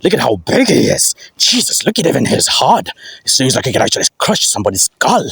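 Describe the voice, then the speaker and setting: A man voicing a proud, stern male alien king from a cartoon, slow and threatening. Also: mid-range voice, huge pitch swings, creaky, a bit bright, slightly rough, dry recording, full character voice. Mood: boastful.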